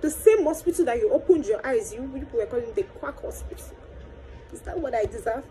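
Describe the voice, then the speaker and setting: A woman's voice: on the high side, expressive, fairly quick, mellow, poor audio. A young woman with a Nigerian accent, pouring out her hurt in a tearful monologue to camera, mixing Pidgin and Yoruba and repeating pleading questions. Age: young adult. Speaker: vlogger.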